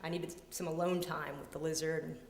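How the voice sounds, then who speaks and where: A woman's voice: low voice, little pitch movement, moderate pace, crowd noise. A woman in her thirties telling a personal story live on stage, playful and self-amused, slipping into voices for the people in it. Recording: echoey hall.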